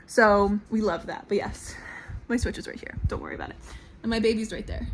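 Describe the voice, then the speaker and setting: A young woman from the Canadian prairies talking in a casual book vlog at home, chatty and excitable with a lot of swearing and "like". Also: on the high side, fast talker, a little hiss or hum. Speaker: book vlogger. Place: home at night. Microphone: small clip-on mic.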